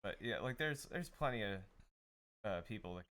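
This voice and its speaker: A man co-hosting a podcast livestream, speaking haltingly with many fillers, sitting a little too far from his mic. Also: on the low side, animated, a bit bright. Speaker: podcast co-host. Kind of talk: casual livestream chat.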